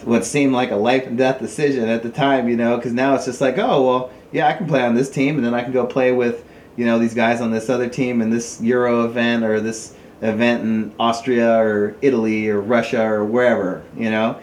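Relaxed male storyteller in an echoey room. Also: brisk. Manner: animated storyteller, jumps high when quoting people. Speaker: podcast guest, paintball player. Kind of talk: casual storytelling chat. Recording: echoey room with faint noise.

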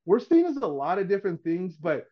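A man's voice: high voice, big pitch swings, a little fast, lo-fi sound. A middle-aged man talking in a casual podcast chat as a guest, earnest and rambling, often restarting his sentences. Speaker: painting contractor guest.

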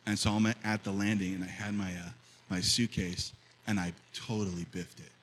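A man in his fifties preaching a sermon as pastor, telling a story and then rising to loud, fervent preaching. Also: sits low, fairly even intonation, moderate pace, slight background noise, poor audio. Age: 50s.

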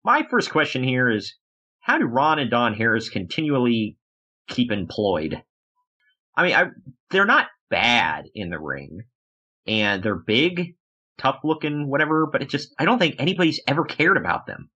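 A man's voice: mid-range voice, moderate pace, slightly rough. A man co-hosting a casual podcast, joking around and acting out quotes in funny voices as he recaps matches. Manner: animated, jokey, acts out quotes in funny voices. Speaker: podcast co-host reviewing wrestling. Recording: dull lo-fi sound.

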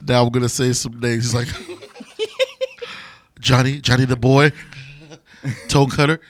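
A man's voice: medium pitch, slow pace, slight background noise. A man co-hosting a podcast, joking animatedly and swearing freely. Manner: animated, profane, jokey. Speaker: podcast co-host. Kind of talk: casual podcast chat.

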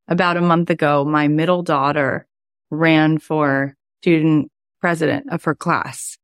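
A woman's voice: low voice, no room sound, studio quality. A middle-aged woman, a life coach and podcast host, telling a personal story in a chatty, heartfelt way, with many "like" fillers.

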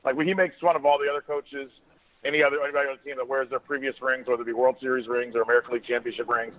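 A man's voice: medium pitch, level tone. A man in his forties from Ohio, a radio host telling a rambling story in a casual way. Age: 40s. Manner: rapid, rambling anecdotes with quoted asides. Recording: tinny phone-like radio sound.

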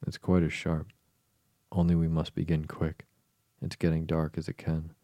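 A man with a very deep voice, reading the lines of a fretful, boastful twin brother in a bedtime storybook. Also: monotone, moderate pace, mellow, no echo. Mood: fussy. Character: fussy boastful chubby boy twin.

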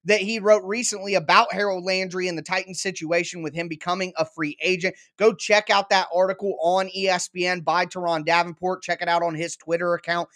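A man's voice: high voice, steady tone, a little fast, hardly any pauses, sharp tone. Emphatic man arguing sports opinions. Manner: emphatic, argues with repeated punchy lines and analogies. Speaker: sports show host.

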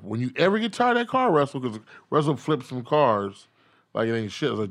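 A man, a comedian, telling stories in casual chat, laughing often and acting out his own quotes loudly. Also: medium pitch, a little fast. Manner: animated, laughing, profane, acts out quotes loudly.

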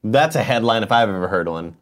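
A man's voice: on the low side, expressive. A man co-hosting a casual chat show, chiming in with jokes. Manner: joking, quick interjections. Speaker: co-host. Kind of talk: casual banter.

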